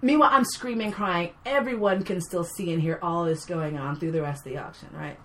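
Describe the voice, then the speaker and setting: A woman and actor telling a story in casual chat, blunt and animated, swearing freely. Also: on the low side, fairly quick, slight background noise. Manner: animated and blunt, swears freely, swings loud when excited. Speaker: podcast guest, actor.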